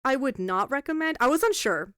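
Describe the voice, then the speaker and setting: Woman, podcast co-host, casual chat, smooth clear voice, animated, swears a lot, dry close sound. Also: high voice, fairly quick, no room sound. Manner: animated, swears freely, acts out characters' lines while retelling. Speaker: podcast co-host reviewing a film.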